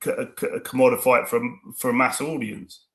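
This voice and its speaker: A man's voice: mid-range voice, steady tone, a little fast. A middle-aged British man, a guest filmmaker, talking earnestly in a casual interview and repeating words at the starts of phrases. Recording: echoey room.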